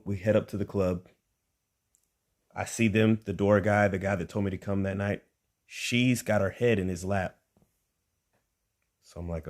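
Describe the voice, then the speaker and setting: Deep-voiced man telling a stand-up story. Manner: animated, acts out quotes with rising emphasis. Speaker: stand-up comedian.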